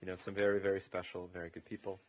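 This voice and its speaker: A man's voice: low-pitched, completely flat delivery, rapid-fire. A man serving as rabbi, giving an informal, meandering funeral eulogy in a funeral home chapel, leaning heavily on "you know".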